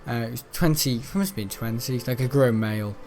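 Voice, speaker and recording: A man's voice: medium pitch, normal speed, darkish tone, soft background music. A young British man rambling casually as he hosts a gameplay video, chatty and meandering, full of fillers and self-corrections. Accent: British English. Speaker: gaming channel host.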